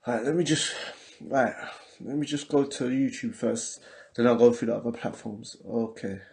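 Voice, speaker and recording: Gravelly London man, casual livestream host. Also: medium pitch, moderate pace, a little mellow. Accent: London English. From England. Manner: chatty, repetitive, loose street slang. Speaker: podcast host. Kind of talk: casual livestream talk, reading viewer comments.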